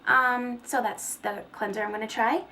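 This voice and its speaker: Chatty female vlogger, slightly high voice, faint background noise, rambling home haul talk. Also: fairly even intonation, normal speed, bright, forceful tone. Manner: chatty, rambling, with fillers and small laughs. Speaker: beauty vlogger. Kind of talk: casual haul video chat.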